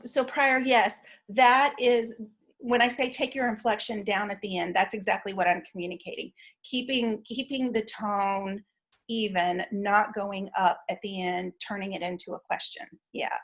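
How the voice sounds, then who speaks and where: A woman teaches an online training session, explaining things in a measured way with frequent fillers and restarts. Her voice is medium-pitched and steady in tone.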